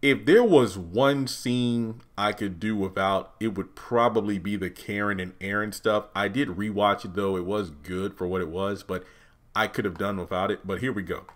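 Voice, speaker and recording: A man with a slightly low voice reviews a TV episode for his channel. He rambles and chats, jumping between asides as he retells scenes. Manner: chatty, rambling, animated retelling. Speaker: YouTube TV reviewer.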